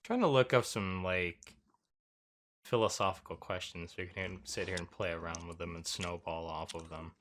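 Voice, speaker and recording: A man's voice: low voice, steady tone, moderate pace, a bit bright, slight background noise. A young man co-hosting a casual group podcast chat, thinking aloud and rambling with lots of "like" and "um". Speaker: podcast co-host.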